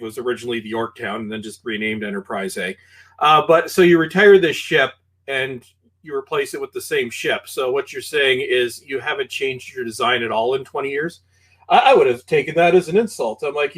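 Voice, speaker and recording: A Canadian man with a Canadian accent and a mid-range voice, speaking as a podcast guest. He talks in an animated, halting way, leaning on fillers and restarting his sentences. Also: medium pitch. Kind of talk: casual film discussion.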